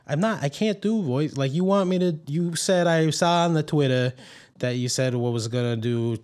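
Male comedy podcaster, stuffed-up cold, excitable ranting crank. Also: fairly high pitch, moderate pace. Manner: excitable, ranting, earnest mock-conspiracy talk. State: sick with a cold, sore throat, sniffling. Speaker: podcast co-host playing a conspiracy theorist. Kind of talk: comedic improvised podcast bit.

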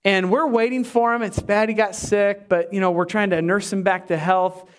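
A middle-aged pastor preaching a sermon in a high voice. He tells stories in a conversational way and pokes fun at himself. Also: fairly even intonation, normal speed. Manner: conversational, self-deprecating storytelling.

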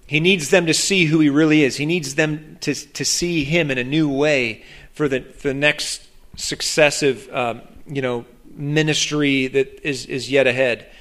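A man preaching a sermon in a slightly high voice. He is animated and acts out the people in his story, and he often stops and restarts a sentence before going on. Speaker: pastor.

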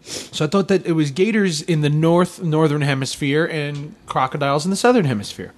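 A man's voice: a little high, a little fast. A man co-hosting a casual podcast chat, cracking sarcastic jokes and swearing a lot. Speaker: podcast co-host.

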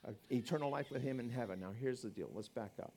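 A man preaching a conversational evangelistic sermon, swinging between loud emphasis and quiet asides. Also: medium pitch, quick pace.

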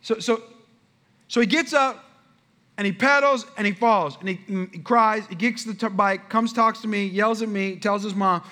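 A man preaching with a high, bright voice. He tells his story with energy and keeps turning to the congregation. His lively delivery swings between loud, fast bursts and soft asides. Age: adult father. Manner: animated storytelling, addresses the crowd. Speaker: pastor. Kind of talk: sermon.

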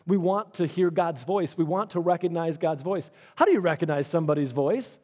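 Male pastor, middle-aged, slightly high voice, earnest conversational sermon delivery. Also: fairly quick, few pauses, darkish tone. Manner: earnest, conversational preaching with repeated phrases.

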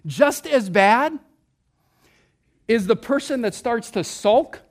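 Animated, high-voiced preacher. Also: male voice, slow pace. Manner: animated, playful, mimics himself and others, drops to a hushed tone on scripture. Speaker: pastor. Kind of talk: sermon.

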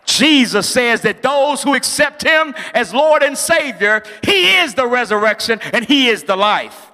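A man pastor preaching a sermon, rising to shouts at climaxes and dropping into casual storytelling asides. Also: high-pitched, moderate pace, big-room sound.

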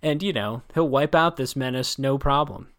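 A man's voice: medium pitch, normal speed, a bit bright. A man co-hosting a casual book discussion, talking in long rambling stretches, correcting himself and wry. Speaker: book podcast co-host.

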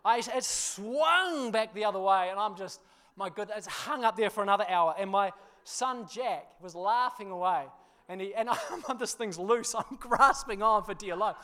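A man preaching, telling a funny personal story with laughter before turning to a quieter sermon. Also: high-pitched, normal speed. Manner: animated storyteller, laughs through the tale, drops quiet for scripture. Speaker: pastor.

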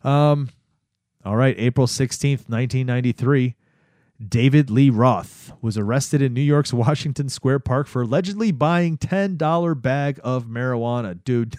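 A man's voice: medium pitch, darkish tone, no room sound, clean studio sound. A man hosting a casual history-of-the-day podcast, rambling with many fillers and restarts. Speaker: podcast host.

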